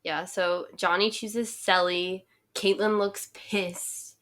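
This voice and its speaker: A woman's voice: mid-range voice, steady tone, takes it slowly, fairly bright tone. A young woman co-hosting a podcast, chatting casually and wryly, laughing at her own jokes. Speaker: podcast co-host. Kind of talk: casual chat recapping a reality show.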